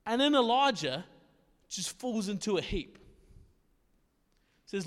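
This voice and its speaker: Male pastor, high voice, chatty laid-back preaching, long hall echo. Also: very animated, slow pace, fairly bright tone. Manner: casual, conversational, often checks in with "right?". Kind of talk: sermon.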